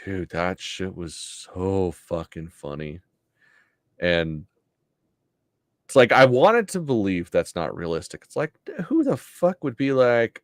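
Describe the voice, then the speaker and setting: A man's voice: deep voice, sing-song, takes it slowly, no room sound, studio quality. A man co-hosting a horror podcast in casual chat, laid-back and swearing a lot, often laughing. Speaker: podcast co-host.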